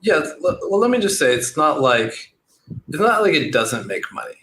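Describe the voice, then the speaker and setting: Male interview guest, casual and rambling, bright voice, echoey room mic. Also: a little high, moderate pace. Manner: relaxed, rambling with frequent "like" fillers. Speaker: guest, SEO entrepreneur. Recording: roomy echo with faint noise.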